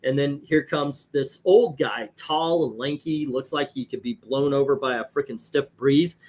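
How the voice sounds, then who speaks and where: A man hosting a stream, telling profane, animated anecdotes in casual chat. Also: mid-range voice, moderate pace. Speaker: host. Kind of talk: casual storytelling on a live stream.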